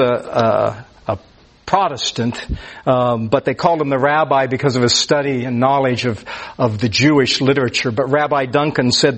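A man preaching a conversational sermon to a group, often restarting his words and rising sharply on key phrases. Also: on the high side. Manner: conversational, stammers on restarts, rises on emphasis. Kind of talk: sermon teaching. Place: church or class room with listeners.

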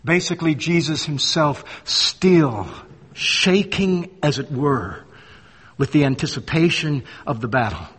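A man delivers a sermon in a high voice, pacing his words slowly and deliberately. He swings between loud, emphatic peaks and hushed low phrases. A long reverb trails behind him, as in a church hall. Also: lively intonation, husky. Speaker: preacher.

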